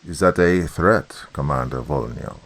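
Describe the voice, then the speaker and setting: A man's voice: deep voice, animated, moderate pace, husky, full character voice. A man doing a stern cosmonaut on the radio. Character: stern male cosmonaut on the radio, cold and indignant.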